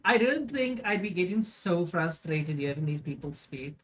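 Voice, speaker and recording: A woman's voice: fairly low pitch, expressive, normal speed, slight background noise. A woman streamer reacting to clips in a profane, mocking rant, swearing heavily.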